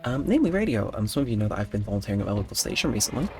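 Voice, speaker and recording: A man's voice: lowish voice, big pitch swings, very fast, gravelly, music in the background. A young man telling stories in late-night gameplay commentary, rambling with mock-indignant outbursts. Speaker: gaming channel host.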